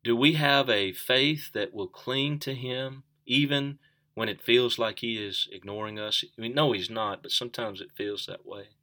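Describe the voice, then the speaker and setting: A man's voice: medium pitch, unhurried, pushed and bright. A man preaching a sermon, earnest, asking the listeners questions and repeating key phrases for emphasis.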